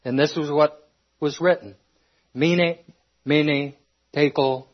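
A man delivers an earnest sermon, reading scripture aloud and often restarting his phrases. He sounds a little out of breath, and his voice sits somewhat high. The recording is dull and lo-fi. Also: fairly even intonation, slow pace. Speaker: preacher.

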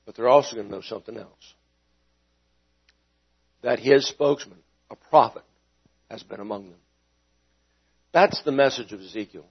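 A man preaching a sermon, swinging between loud emphatic lines and quiet ones, and asking his listeners questions. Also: medium pitch, moderate pace, long pauses, husky. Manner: dynamic preaching with sharp rises and drops in volume; asks the congregation questions. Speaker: pastor. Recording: dull lo-fi sound.

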